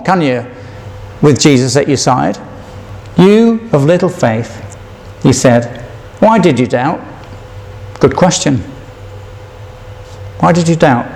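A male preacher delivering a sermon with a fairly high voice. He takes his time, reads scripture out and keeps asking his listeners questions. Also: gravelly, darkish tone.

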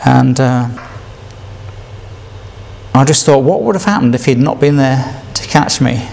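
A man's voice: mid-range voice, lively intonation, a little slow, creaky, darkish tone. An older man telling a rambling personal testimony, repeating himself and chuckling between memories. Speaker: speaker sharing his testimony.

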